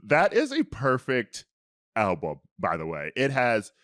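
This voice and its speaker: A man's voice: mid-range voice, wildly swooping pitch, unhurried, fairly bright tone, no echo, studio quality. A man hosting a podcast, chatting in a playful, gossipy way and reading sponsor spots. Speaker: podcast host. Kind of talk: casual chat and ad reads.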